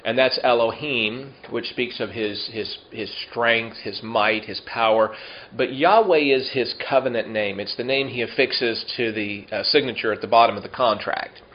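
A man teaching a Bible study in a relaxed, conversational way, slowing down to explain Hebrew words and asking the listeners questions. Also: mid-range voice, muffled recording.

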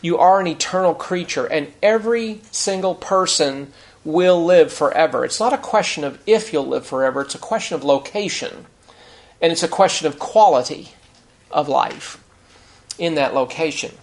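A man preaching an expository sermon in a conversational teaching manner, restarting phrases and slowing down to stress key words. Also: a little high, animated. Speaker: pastor.

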